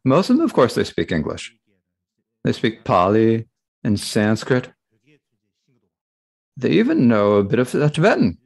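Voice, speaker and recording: A man interpreting a Buddhist Dharma talk aloud, halting, with frequent restarts and fillers. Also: mid-range voice, huge pitch swings, vocal fry, husky.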